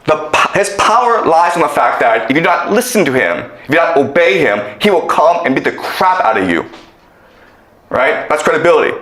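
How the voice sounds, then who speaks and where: A man's voice: very animated, brisk, sharp tone. A man giving a classroom lecture as a story, acting out the quoted characters and often asking "okay?" to check in. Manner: acts out quoted kids in higher voices. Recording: echoey lecture room.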